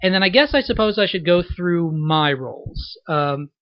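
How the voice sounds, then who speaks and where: A young man talks through a commentary in a loose, rambling way, stopping and restarting his sentences. His voice sits a little high. The recording is dull and dry, with no room sound. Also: lively intonation, normal speed, no echo. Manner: rambling, many fillers and restarts. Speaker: director giving a fan dub commentary. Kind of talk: unscripted spoken commentary.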